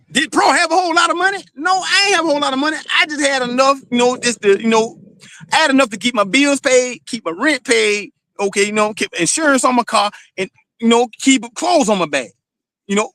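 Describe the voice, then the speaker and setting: High-voiced man rambling on. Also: bright, forceful tone, dry recording. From Florida. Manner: rambling, swears often, many "you know"s. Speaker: streaming show host. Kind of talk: casual monologue.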